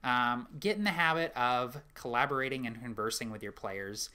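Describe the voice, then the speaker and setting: Bright-voiced man giving casual game advice. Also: medium pitch, normal speed, smooth. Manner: chatty, frequent ums, encouraging. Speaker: tabletop game advice host. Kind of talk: casual advice talk to camera.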